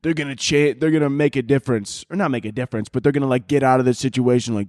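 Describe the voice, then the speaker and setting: Speaking quickly and expressively in a higher voice, a man of twenty rambles through his podcast with crude jokes, heavy swearing and lots of laughing. The sound is studio quality, with no room echo.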